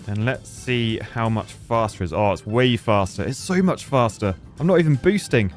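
A man giving casual, excitable gameplay commentary, chatting and exclaiming at what he finds. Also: mid-range voice, moderate pace, faint music behind. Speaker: gaming YouTuber.

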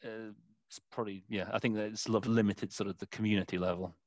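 Low-voiced man, halting and searching. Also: fairly even intonation, a little mellow, dry recording. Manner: halting, searching for words with many fillers. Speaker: interpreter guest. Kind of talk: conversational interview.

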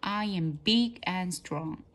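A woman voicing a boastful, grumpy male guinea pig in a storybook read-aloud, with a gruff grumbling manner. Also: fairly low pitch, slow, a bit bright. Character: tough-talking male guinea pig who wants to be a bad pig.

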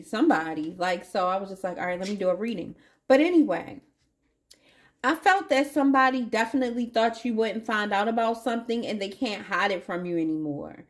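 A woman giving a casual tarot reading to her viewers, chatty and playful, calling them baby and y'all. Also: fairly high pitch. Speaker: tarot reader.

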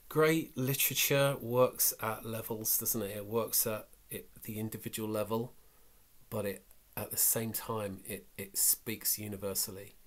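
A man giving a casual, reflective talk about a short story, halting often with fillers. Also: on the low side. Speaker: book vlogger. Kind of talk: casual book talk and reading.

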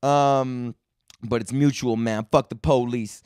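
A man in his thirties, a comedian hosting his podcast, telling a profane, excitable story and laughing often. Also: medium pitch, takes it slowly, clean tone, no room sound, clean studio sound. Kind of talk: casual storytelling rant.

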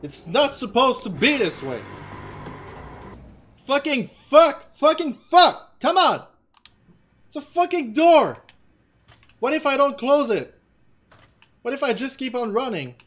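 A young man playing a horror game who talks loudly, gets frustrated, and yells and swears at what is on screen. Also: very high-pitched, sing-song, measured pace, long pauses, slight background noise. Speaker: let's play gamer. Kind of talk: loud horror game commentary.

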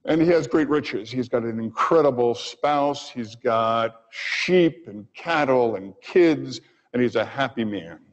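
Male doctor lecturing in an echoing hall. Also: medium pitch. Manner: expressive, pausing for effect. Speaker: physician lecturer. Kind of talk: lecture with storytelling. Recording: dull audio with long hall reverb.

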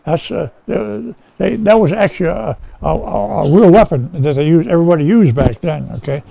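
A man's voice: a little high, lively intonation, normal speed, creaky, dark tone, a little hiss or hum, low-quality recording. A male pastor teaching from the Bible in a folksy, conversational way, often checking in with his listeners. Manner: folksy and conversational, asks "okay?" often, many restarts. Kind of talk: informal Bible-teaching sermon. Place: rescue mission chapel.

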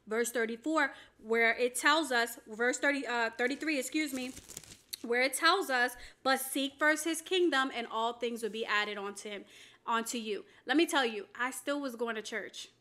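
A woman's voice: fairly high pitch, sharp tone. A woman, a faith coach, giving a fervent personal testimony sermon to her camera, with emphatic repetition.

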